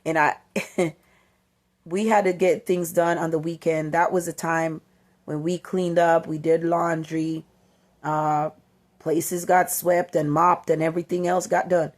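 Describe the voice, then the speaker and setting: A mother who hosts her own motivational channel gives parents an emphatic, inspiring talk, repeating her main points and acting out the voices she quotes. Her voice is low and a little mellow, with little pitch movement and a measured pace.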